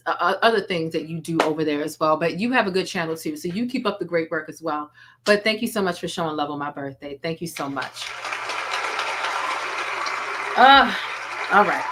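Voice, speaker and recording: Bright-voiced chatty woman streamer. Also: low voice, a little hiss or hum. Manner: chatty, thanks viewers for donations and memberships by name; laughs often, playful teasing. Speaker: YouTube livestream host. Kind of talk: casual live-stream commentary.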